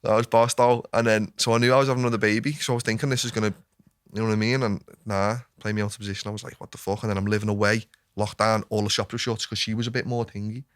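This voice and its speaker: A footballer from Liverpool, guesting on a podcast, tells stories in a sweary Scouse voice packed with filler asides. He talks rapid-fire with a fairly low, flat delivery. The studio podcast mic gives a clean, echo-free sound.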